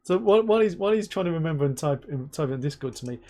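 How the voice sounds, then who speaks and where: A man's voice: on the high side, racing. A man from England hosting a casual live interview, joking and telling stories with lots of laughter. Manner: joking, animated storyteller, laughs often. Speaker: host.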